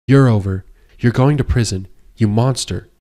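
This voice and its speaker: A man voicing a terrified young woman who shouts accusations in an audiobook. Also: medium pitch, a little fast, natural voice. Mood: frantic. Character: terrified young woman supermodel fighting back.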